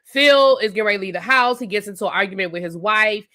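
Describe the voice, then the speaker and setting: A woman with a mid-range voice and quick pace hosts a live TV review stream, recapping an episode. She's chatty and animated, with plenty of fillers and asides.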